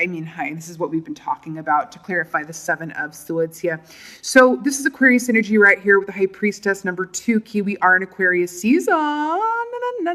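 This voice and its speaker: A middle-aged woman reads tarot cards in a loose, chatty way. Her manner is theatrical, with asides and little stories. She talks right to the viewer as if to a friend. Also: medium pitch. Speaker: tarot reader. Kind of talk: casual tarot reading.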